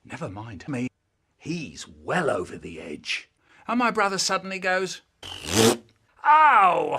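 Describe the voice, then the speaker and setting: High-voiced, wildly expressive storyteller man. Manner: theatrical, drawn-out, expressive delivery. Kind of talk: animated comic storytelling.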